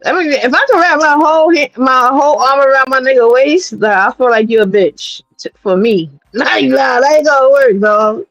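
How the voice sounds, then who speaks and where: A fairly high-voiced woman from New York City, streaming casual commentary in a blunt, animated and profane way. Her voice comes across slightly dull and very dry, with faint music underneath. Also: normal speed, hardly any pauses, no echo. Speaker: streamer host.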